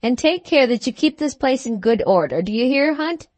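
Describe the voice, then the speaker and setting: A woman's voice: high voice, expressive, normal speed, darkish tone, dry recording. A woman voicing a fierce, pompous little captain who blusters and roars at his servants. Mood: blustering. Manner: blustering, roaring, wrathful.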